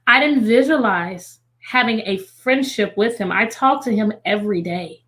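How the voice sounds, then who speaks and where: A woman's voice: medium pitch, moderate pace, a bit bright. A woman guest speaking earnestly and emphatically, in short declarations. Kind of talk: earnest testimony on a video call.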